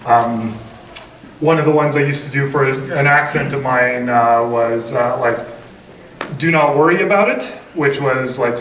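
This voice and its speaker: A man's voice: mid-range voice, flat delivery, measured pace, fairly bright tone. Man, voice actor, panel talk, rambling, somewhat distant mic, faint background noise. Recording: echoey hall, mic from far off.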